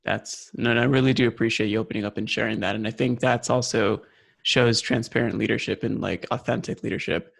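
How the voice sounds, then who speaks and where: A man's voice: mid-range voice, steady tone, brisk, creaky. A man hosting an interview, affirming his guest and asking reflective follow-up questions. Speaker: podcast host. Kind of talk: interview conversation.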